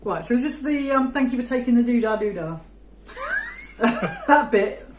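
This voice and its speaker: A woman's voice: on the high side, expressive, moderate pace, slight background noise. Picture a chatty, self-mocking woman trading jokes with her partner in casual outtakes. Her voice has a roomy echo around it. She laughs easily at her own slip-ups. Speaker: reselling channel co-host. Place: home filming room with ring light.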